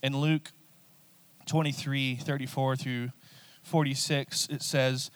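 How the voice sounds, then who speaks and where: A man's voice: medium pitch, little pitch movement, takes it slowly, pauses often, clear, resonant tone, no room sound. Conversational man preaching a sermon. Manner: conversational, repeats phrases and asks "right?". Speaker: pastor.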